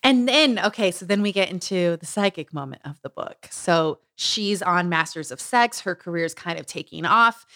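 A woman's voice: on the low side, animated, normal speed, hardly any pauses, pushed and bright, no room sound, clean studio sound. A woman co-hosting a podcast, recapping a memoir in a chatty way with lots of "like" and frequent laughs. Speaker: podcast co-host. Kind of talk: casual book chat.

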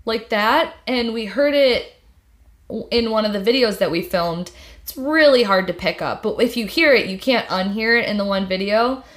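A young woman co-hosting a casual podcast chat, telling stories in a slangy, animated way. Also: fairly high pitch, moderate pace. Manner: chatty, slangy, animated storytelling. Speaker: podcast co-host.

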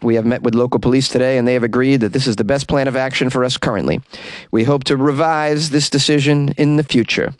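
A man's voice: medium pitch, steady tone, quick pace, no room sound. A man hosting a comedy news podcast, reading stories aloud and cutting in with sarcastic asides. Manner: sarcastic, reads news then riffs on it. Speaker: podcast host. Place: small closet.

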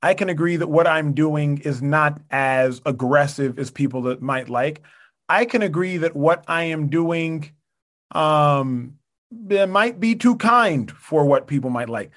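A man's voice: fairly high pitch, fairly bright tone. Earnest, careful-speaking man. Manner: measured, earnest, precise wording. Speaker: podcast guest. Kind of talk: casual debate.

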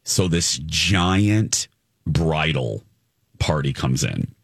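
Man, podcast co-host, lively storyteller with a bright voice who slips into character voices; dry, close recording. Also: extremely low pitch, drawn-out words, breathy edge, no echo. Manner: animated storyteller, acts out voices of people in the story. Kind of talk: casual storytelling chat.

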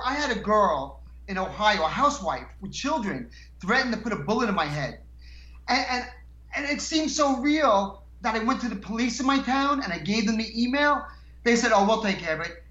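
Rambling man with a bright voice. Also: very high voice, roomy sound, lo-fi sound. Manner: rambling, laughs often, restarts lines. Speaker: guest. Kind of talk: casual storytelling chat.

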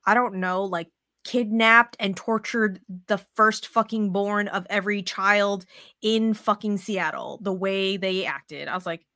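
A woman's voice: medium pitch, a little slow, no room sound. This young woman hosts a laid-back podcast chat in a mid-range voice. She rants freely, swears often and acts out what she told herself. The sound is close and dry. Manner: animated, swears a lot, acts out her own quoted thoughts. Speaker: podcast host.

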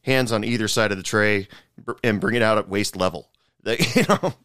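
A man's voice: on the low side, normal speed, fairly bright tone, dry recording, studio quality. A man co-hosting a podcast, telling stories in casual chat with many fillers and restarts. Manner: rambling, many fillers and restarts, laughs often. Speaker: podcast co-host, former server.

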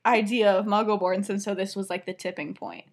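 A woman's voice: medium pitch, fairly even intonation. Young female podcast co-host, giggly chatterbox, retells stories and acts out every quote. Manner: chatty, giggly, full of fillers and quick quoted voices. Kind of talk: casual chat retelling a fan story.

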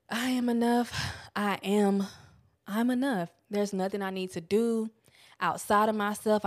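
A young woman gives a relaxed self-help talk to camera, her voice sitting at a middle pitch. She sounds candid and animated and swears without a second thought. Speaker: vlogger.

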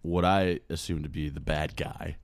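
A man's voice: extremely low pitch, steady tone, moderate pace. A man co-hosting a casual movie podcast, matter-of-fact and steering the talk. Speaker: podcast co-host reading the cast list. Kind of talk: casual chat about movies.

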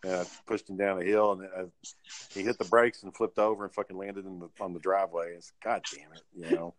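A man's voice: sits low, level tone, fairly quick, a little hiss or hum, low-quality recording. Male podcast host, casual, rambles and swears through his stories. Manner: rambling, profane storytelling. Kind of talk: casual storytelling chat.

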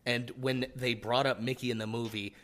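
A man co-hosting a podcast in casual chat, an excitable fan gushing about a show. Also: mid-range voice, moderate pace. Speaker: podcast co-host.

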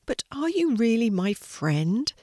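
A woman's voice: a little high, big pitch swings, slow, dark tone, dry recording, clean studio sound, voice pushed up, exaggerated voice. A woman voicing a timid male sea turtle who stammers and trembles with fear. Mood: shy.

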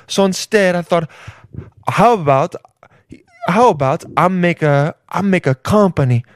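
A man's voice: fairly high pitch, smooth, no room sound, clean studio sound, natural voice. A man doing a smug, pompous tech billionaire. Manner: pompous, self-satisfied rambling. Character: boastful male tech billionaire, smug showman.

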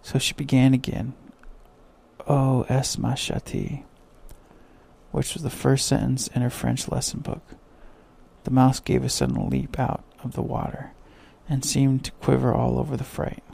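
A man reading a children's story aloud in a soft, measured way. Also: medium pitch, monotone. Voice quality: creaky, husky.

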